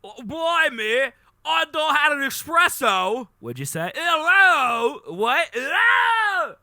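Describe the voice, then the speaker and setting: A man in his thirties putting on a loud, exaggerated fake British accent as a shouty figure. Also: big pitch swings, takes it slowly, creaky, no echo, studio quality, exaggerated voice. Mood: shouting. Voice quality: loud, high and shrill.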